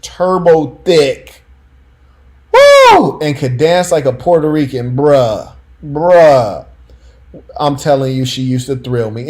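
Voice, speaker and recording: A man with a somewhat high voice hosts a casual commentary stream. He tells stories in a slangy, emphatic way and keeps talking straight to his audience. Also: darkish tone.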